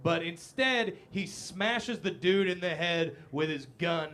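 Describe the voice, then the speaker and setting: High-pitched midwest guy hosting a comedy true crime show live, jokey and sweary. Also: lively intonation, slow, sharp tone. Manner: loose, joking, swears freely. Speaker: host. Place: live café stage.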